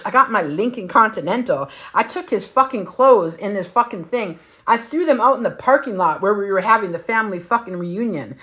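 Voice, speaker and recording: A middle-aged woman tells a story on her livestream in a casual, animated way. She swears constantly and hits her points hard. Her voice sits at an ordinary pitch for a woman. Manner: profane, emphatic, animated storytelling. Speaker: livestream host.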